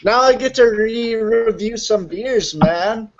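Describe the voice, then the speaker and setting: A man's voice: high voice, takes it slowly, slight background noise. A man who reviews beers, chatting in a laid-back, shrugging way on a webcam call. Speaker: beer reviewer. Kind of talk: casual group video chat. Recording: muffled lo-fi video call audio.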